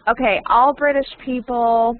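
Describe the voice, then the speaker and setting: A woman leads an English lesson over a call, repeating phrases slowly so her students can follow. Her voice is mid-pitched and comes through thin and phone-like. A faint hiss sits under her speech. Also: steady tone. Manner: patient, repeats and models phrases, laughs often. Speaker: English teacher. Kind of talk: online group English lesson. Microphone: computer mic on a video call. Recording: tinny online call line.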